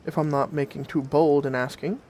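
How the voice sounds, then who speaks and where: A man's voice: on the high side, steady tone, fairly quick, a little mellow, natural voice. A man voicing a poor, humble old bamboo cutter in a told story, with old-fashioned country speech.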